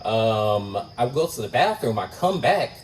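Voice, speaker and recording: A man performing stand-up comedy at an open mic night. He talks in a loose, conversational, self-mocking way, now and then jumping into loud, high exclamations. His voice sits at an ordinary pitch and sounds a little distant from the mic, with faint background noise. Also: very animated, unhurried.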